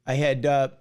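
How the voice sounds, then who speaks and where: A man's voice: mid-range voice, clean tone. A man hosting a hockey officiating talk show, chatting casually with stumbling restarts and teasing. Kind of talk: casual chat on a live stream.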